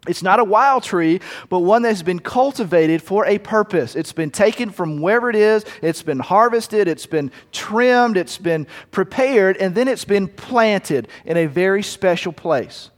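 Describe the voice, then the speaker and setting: A male pastor delivers a conversational sermon in a somewhat higher register. He drops into murmured asides and quick acted-out moments. His voice carries a long reverb from the hall. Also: lively intonation.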